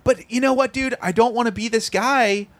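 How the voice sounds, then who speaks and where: A man's voice: extremely high pitch, moderate pace, no room sound. A man co-hosting a casual podcast, joking and rambling through stories with lots of fillers. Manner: animated, joking, rambling storyteller with frequent fillers. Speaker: podcast co-host. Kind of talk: casual chat.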